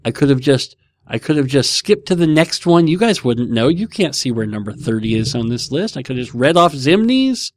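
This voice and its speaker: A man's voice: medium pitch, big pitch swings, normal speed, dry recording, clean studio sound. A man hosting a casual podcast, rambling and laughing at himself as he chats from home. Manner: rambling, laughing, self-mocking. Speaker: podcast host.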